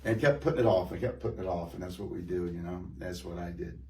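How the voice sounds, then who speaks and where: A man with a very low voice tells his testimony in a halting, rambling way, restarting his sentences and filling gaps with fillers. The sound comes from an echoey church room, with the mic set some way off. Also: warm tone, distant mic. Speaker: guest giving a testimony. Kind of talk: personal testimony conversation.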